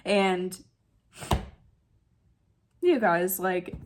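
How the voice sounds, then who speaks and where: A woman's voice: on the low side, expressive, drawn-out words. A woman recapping a manga chapter in casual chat, chatty and emotional, saying "like" often. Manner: chatty and emotional, says "like" a lot.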